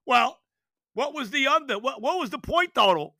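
A man's voice: very high voice, lively intonation, moderate pace, sharp tone, dry recording, studio quality. A man in his later years hosting a sports podcast, talking casually and with emphasis, often asking rhetorical questions. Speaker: podcast host.

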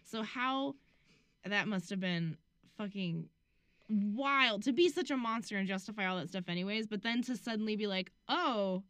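Woman cohost joking around and swearing, dry mic, normal pitch. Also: normal speed, a bit bright, clear, resonant tone, no echo. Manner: joking, profane, riffs with the others. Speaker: podcast co-host. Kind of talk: casual true-crime podcast chat.

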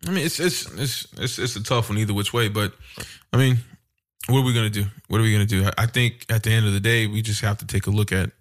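A man co-hosts a casual podcast. He thinks out loud in halting phrases and often repeats words before he gets going. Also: lowish voice. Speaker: podcast co-host.

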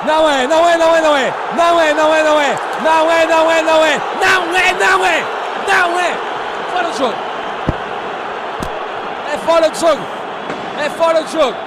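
A man with a Portuguese accent calls a football match live, shouting frantically and repeating himself at a rapid pace. His voice is pushed very high. A loud crowd roars behind the broadcast. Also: very noisy. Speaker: football commentator.

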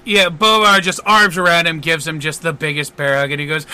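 A man's voice: fairly high pitch, level tone, bright, forceful tone, smooth. A man narrating a tabletop game as game master, loose and casual, with many fillers. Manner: loose and quick, with lots of fillers.

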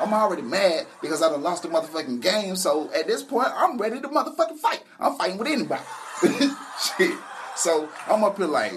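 Profane, animated man telling a story. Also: high-pitched, fairly quick, background noise. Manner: profane, animated, laughing through his story. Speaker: comedian. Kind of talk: stand-up storytelling.

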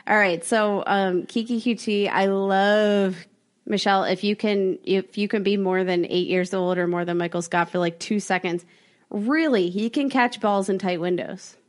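A woman with a mid-range voice co-hosts a podcast in a loose, conversational way. She jokes around, then moves quickly into detailed analysis. She speaks into a podcast mic. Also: medium pitch, fairly even intonation. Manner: playful, joking, quick with analysis. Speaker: podcast co-host. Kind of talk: casual podcast chat.

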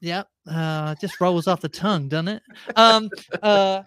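A woman's voice: on the low side, unhurried, fairly bright tone, clean tone, no echo, studio quality. A woman co-hosting a casual movie review podcast, rambling with lots of fillers. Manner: rambling, heavy use of "like" and fillers. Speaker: podcast co-host.

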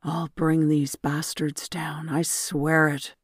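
A narrator voicing a soft-spoken, commanding leader. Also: flat delivery, slow pace, husky, no room sound, studio quality. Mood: vowing. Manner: soft-spoken, low and firm. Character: protective commanding young male leader.

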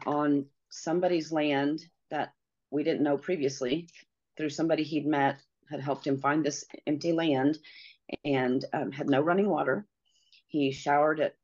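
A middle-aged woman telling a personal story as a guest, earnest and halting, with many pauses and fillers. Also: deep voice, a little mellow, lo-fi sound.

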